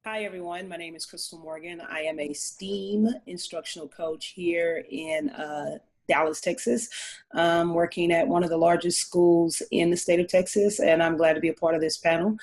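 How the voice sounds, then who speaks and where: A woman instructional coach introducing herself in a measured, modest way over a video call. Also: lowish voice, fairly even intonation, darkish tone.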